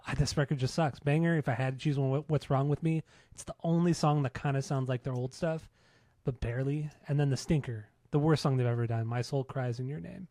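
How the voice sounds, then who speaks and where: A man's voice: mid-range voice, mellow, no room sound, studio quality. A man co-hosting a podcast in casual chat, blunt and sardonic, swearing as he gives his opinions. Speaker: podcast co-host. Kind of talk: casual chat about music.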